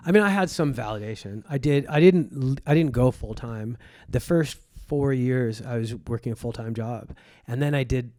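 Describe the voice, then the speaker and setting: Animated man telling stories, from Egypt. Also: mid-range voice, dry recording, clean studio sound. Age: 40s. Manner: animated, acts out quoted voices, swears freely. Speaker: comedian guest. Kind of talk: casual podcast storytelling.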